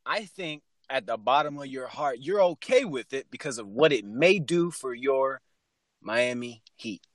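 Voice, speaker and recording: A man's voice: mid-range voice, animated, a little slow, dry recording. A young man co-hosting a casual podcast, playfully teasing and needling his partner. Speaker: podcast co-host.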